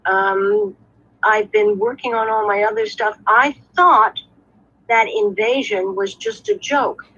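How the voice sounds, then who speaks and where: A chatty woman joining a livestream over a video call, rambling and poking fun at herself. Her voice is fairly high and husky, and the audio comes through dull and lo-fi. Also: lively intonation, slow pace, bright, forceful tone. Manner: chatty, self-mocking, rambling with fillers. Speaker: guest writer and actor. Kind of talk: casual video call chat.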